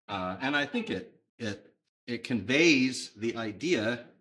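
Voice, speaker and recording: A man preaching a sermon, conversational and emphatic, with thoughtful pauses. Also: mid-range voice, very animated, sharp tone. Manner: emphatic, conversational with fillers, pausing.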